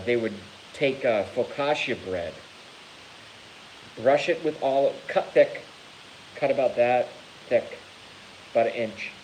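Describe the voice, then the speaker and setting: A man vlogging to his channel in a casual rant, animated and theatrical, swearing freely. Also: mid-range voice, slight background noise, poor audio. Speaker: YouTube vlogger.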